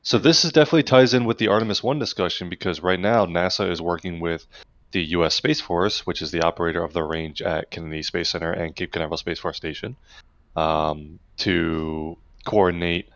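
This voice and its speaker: A man's voice: low voice, brisk, dry recording, highs cut off. A man hosting a live space broadcast, casually answering viewer questions and thinking aloud with fillers. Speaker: livestream host.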